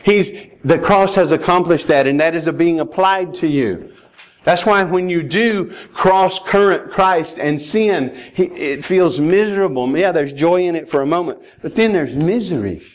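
A male pastor delivers a sermon in a somewhat high-pitched voice. He talks emphatically, pressing his listeners directly and pleading with them. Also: a little slow. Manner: emphatic, rising to urgent pleading.

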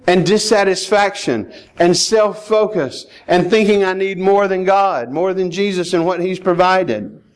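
A man's voice: high voice, a little slow, clean tone. A man preaching a sermon as a pastor, emphatic and urging his listeners directly. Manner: emphatic, rising to urgent pleading.

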